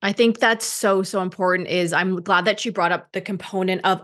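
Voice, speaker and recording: A woman hosting a casual podcast interview, chatty and animated, mimicking what clients tell her. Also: fairly low pitch, fairly quick, hardly any pauses. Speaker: podcast host.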